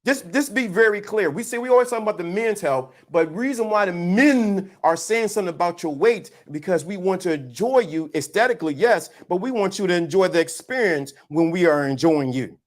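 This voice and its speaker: A man's voice: sits high, lively intonation, a little fast, hardly any pauses. A man hosting a livestream, giving his blunt, preachy, teasing opinions to the chat in a casual, slangy way. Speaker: livestream host.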